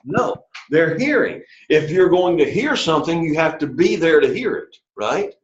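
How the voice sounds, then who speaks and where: A man's voice: fairly high pitch, lively intonation, moderate pace, a little hiss or hum. A man teaching an introductory Greek class, patiently drilling students after opening with a prayer. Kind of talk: classroom lesson. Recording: echoey room, dull lo-fi sound.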